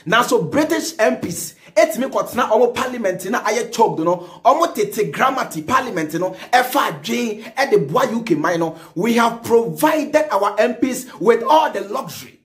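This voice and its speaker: High-voiced Ghanaian man ranting theatrically. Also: moderate pace, hardly any pauses. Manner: animated, theatrical, repeats phrases in a sing-song way. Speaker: reaction channel host. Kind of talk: satirical ranting commentary.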